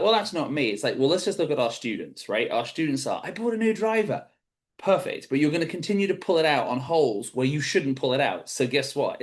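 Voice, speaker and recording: A man, a golf professional, giving a motivational webinar talk in an animated, emphatic, conversational way. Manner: animated and emphatic, with sudden rises in pitch; conversational, with frequent restarts and "right?" tags.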